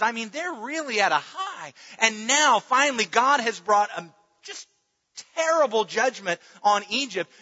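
A man preaching with a high, very bright voice, earnest and halting as he repeats his words. His voice rings with a long reverb, and the sound is dull and lo-fi. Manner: earnest, restarts words, dips to near-murmur at times. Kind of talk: sermon.

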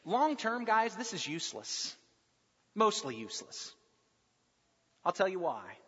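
A pastor preaching a sermon in a conversational, humorous way that often slips into mimicking people. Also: male voice, sits high, big pitch swings, measured pace, fairly bright tone, breathy edge. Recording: dull sound with long hall reverb.

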